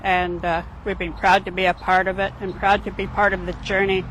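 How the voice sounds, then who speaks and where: A man, a longtime church member, giving a plain personal testimony with some halting restarts. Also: high-pitched, little pitch movement, a bit bright, a little hiss or hum, rough recording.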